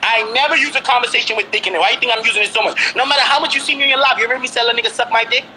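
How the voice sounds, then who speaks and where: Extremely high-pitched and very fast, a Brooklyn guest in his forties insists on his point in a heated casual talk, repeating himself and firing questions at the listener. Crowd noise and poor audio mark the clip.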